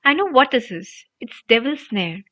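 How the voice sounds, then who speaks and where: A clever, bossy young girl witch with a shrill know-it-all edge, as a woman voices her in a storybook. Her voice is high and sharp, rising and falling widely. The recording is dry and dull. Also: very animated, normal speed, dry recording.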